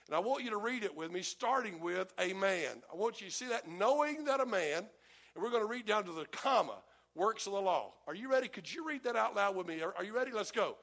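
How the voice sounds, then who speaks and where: Male preacher, high gravelly voice, animated, calls for amens. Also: brisk. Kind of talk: sermon with congregation read-along.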